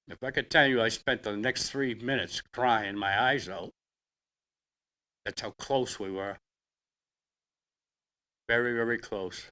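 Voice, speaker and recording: An older man with a Boston accent, a veteran telling his own story in a plainspoken, halting way. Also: medium pitch, steady tone, bright, forceful tone. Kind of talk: personal storytelling.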